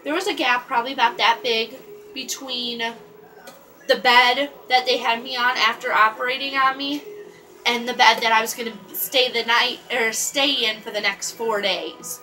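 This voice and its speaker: A woman telling a personal story in a casual vlog, halting often and restarting her sentences with lots of fillers. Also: a little high, steady tone, bright, forceful tone, faint music behind, low-quality recording. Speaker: vlogger.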